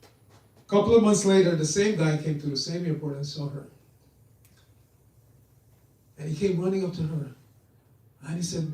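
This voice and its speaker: Brief: male preacher, mellow tone, storytelling sermon, heard from across a reverberant hall. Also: on the high side, a little fast. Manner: storytelling, acts out quoted voices. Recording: echoey hall, voice from far off.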